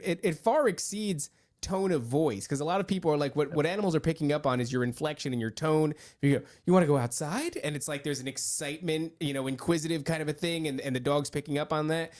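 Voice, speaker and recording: A young man hosting a podcast, talking in a rambling, animated way and laughing often. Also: mid-range voice. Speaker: podcast host. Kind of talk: casual chat.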